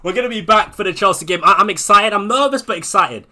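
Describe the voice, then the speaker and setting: A man with a high, fast, bright voice and a forceful tone streams live to his viewers. He's a fantasy football streamer who sounds anxious, swears, and repeats himself while talking things over with chat.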